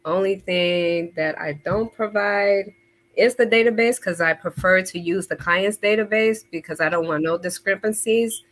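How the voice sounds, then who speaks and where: A woman guest on a podcast, answering questions in a steady, plain way with frequent ums. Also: medium pitch, normal speed. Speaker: podcast guest, paralegal business owner. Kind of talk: casual interview answers.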